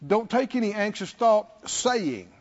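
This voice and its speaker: A man's voice: high-pitched, expressive, unhurried, lo-fi sound. A man preaching a sermon, repeating phrases and putting questions to his listeners.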